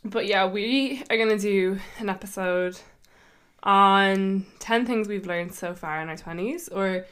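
A woman's voice: medium pitch, unhurried, a bit bright, clean tone. A woman in her twenties hosting a casual podcast chat, rambling and giggling as she talks. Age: 20s. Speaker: podcast host.

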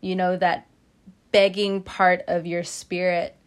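A woman giving a casual tarot reading to her viewers. She is gentle and tearful, often laughs and breaks off mid-sentence. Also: on the low side, little pitch movement, slow pace, clear, resonant tone. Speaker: tarot reader.

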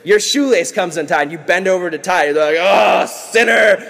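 Animated, jokey youth pastor. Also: male voice, on the high side, fast talker. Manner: animated, jokey, acts out characters. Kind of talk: casual Bible lesson for kids. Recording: long hall reverb.

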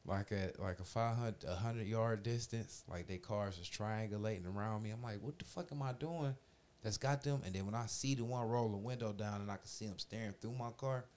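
A man's voice: on the low side, fairly quick, hardly any pauses. Profane, storytelling man in his forties. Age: 40s. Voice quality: profane slangy street talk, animated retellings. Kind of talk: casual storytelling chat.

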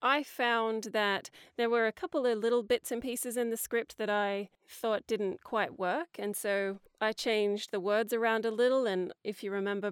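A woman's voice: mid-range voice, clear, resonant tone, no room sound, studio quality. A woman voice actor answering interview questions in an upbeat, articulate way; she is not American. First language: non-American English speaker. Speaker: voice actor guest.

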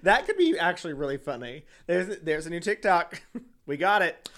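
Man, podcast co-host, casual chat, giggly, higher voice. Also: big pitch swings, normal speed, a bit bright. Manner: loose and giggly, acts out quotes.

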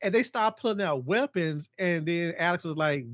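A man hosting a casual podcast chat about horror films, excitable and jumping into high voices to act out scenes. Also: a little fast, hardly any pauses, no room sound. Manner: animated, acts out scenes in a high mocking voice. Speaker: podcast host.

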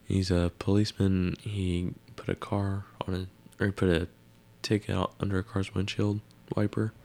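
A man recaps a TV episode in a loose, rambling way, dropping wry asides and musing out loud. His voice sits very low and carries a gravelly fry. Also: little pitch movement, normal speed. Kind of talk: casual spoken episode recap.

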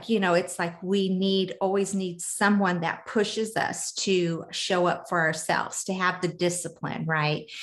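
A woman talking through manifestation and moon phases in a casual teaching monologue, gentle and earnest. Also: lowish voice. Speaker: spiritual manifestation coach.

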